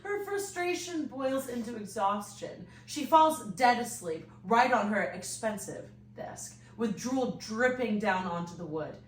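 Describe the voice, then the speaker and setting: A woman hosting a comedic read-aloud of fanfiction, animated and swearing as she reads to friends. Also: on the high side, measured pace, few pauses. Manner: animated reading, swearing, breaking up laughing. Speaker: host reading fanfiction aloud. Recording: echoey room, distant mic, faint noise.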